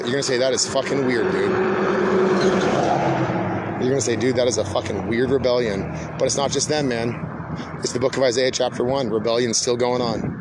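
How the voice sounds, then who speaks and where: A man's voice: medium pitch, noisy background. A man hosting a podcast in a rambling, casual monologue, laid-back and swearing often, calling people "dude". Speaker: podcast host.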